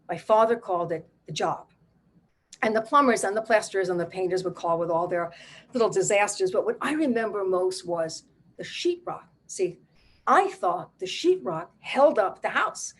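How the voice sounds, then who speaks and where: Husky older woman telling stories on stage. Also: mid-range voice, normal speed. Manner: wry, animated, conversational delivery. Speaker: playwright and solo performer. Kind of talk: solo stage storytelling.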